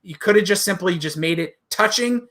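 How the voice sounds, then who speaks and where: A man's voice: high voice, moderate pace, a bit bright. A man co-hosting a podcast in casual chat, ranting heatedly and swearing. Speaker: podcast co-host.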